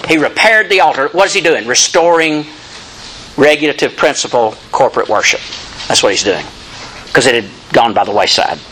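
This preacher has a mid-range, pushed, bright voice with lively intonation and a fairly quick delivery, caught on a rough recording with slight background noise. Working through an expository sermon, he dramatizes the scripture readings and turns directly to the congregation with emphatic, rising phrases.

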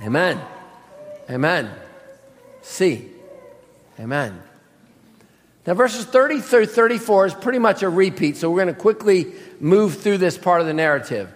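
A male pastor delivering a sermon in a high voice, emphatic and questioning his listeners directly. His words ring out with a long reverb across a church sanctuary. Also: very animated, unhurried, pauses often.

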